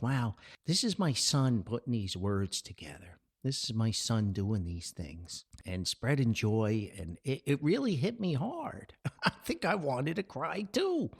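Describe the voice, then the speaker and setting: Gravelly middle-aged man, lively rambling talk. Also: medium pitch. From United States. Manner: chatty and repetitive, frequent stammered restarts, breaks into laughs. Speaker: podcast host. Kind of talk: rambling personal storytelling.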